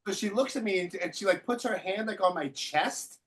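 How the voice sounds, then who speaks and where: High-pitched and fairly quick, a man runs his podcast by telling stories in casual conversation. He's lively in the telling and curses freely.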